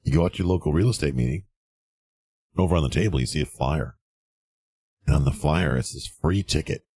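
Gravelly, sarcastic very deep man. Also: a little fast, a little mellow, no room sound. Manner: sarcastic, mocking, acts out quoted people. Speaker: real estate commentator. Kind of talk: blunt advice monologue.

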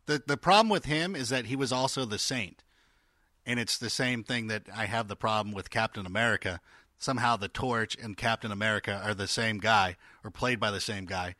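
A man co-hosting a casual sports podcast, chatty with quick asides. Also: lowish voice, bright, forceful tone, no room sound, clean studio sound. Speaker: podcast co-host.

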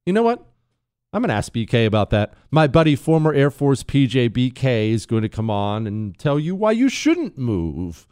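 A man hosting a talk radio show, delivering an opinionated monologue with sarcastic asides and sudden playful jumps in pitch. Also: normal speed, hardly any pauses, smooth, dry recording, clean studio sound. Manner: sarcastic, animated, jumps to a high playful voice when joking.

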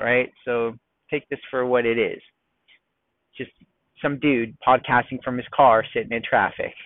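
A young man from the United States hosting a casual solo podcast from his car, talking in an animated, ranting, self-mocking way. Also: mid-range voice, dry recording, narrow, tinny audio. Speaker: podcast host.

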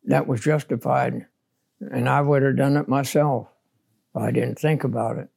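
A man's voice: medium pitch, steady tone, normal speed, vocal fry, a little mellow, slightly rough. An older man, a war veteran, recounting his combat memories in a blunt, plainspoken way during an oral history interview.

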